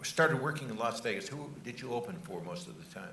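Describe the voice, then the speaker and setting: Older man, interview host, measured and hesitant, bright voice, echoey far-off sound. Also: mid-range voice, expressive, slight background noise. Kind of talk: interview questions and anecdote. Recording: echoey room, distant mic.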